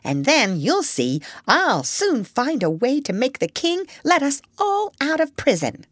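A clever, self-assured parrot, voiced by a woman reading a storybook. She talks with confidence and a lively swing in pitch. The sound is dry and close. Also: measured pace, no room sound, full character voice. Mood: confident. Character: clever bossy female parrot.

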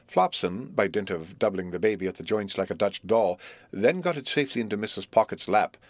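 A man reading a classic novel aloud as a narrator, with measured, expressive storytelling. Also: fairly low pitch, dry recording. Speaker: audiobook narrator.

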